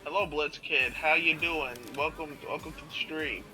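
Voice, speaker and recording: A man's voice: fairly high pitch, normal speed, sharp tone, soft background music, low-quality recording. A man playing in a tabletop role-playing game, laid-back and laughing, with casual swearing. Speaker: player.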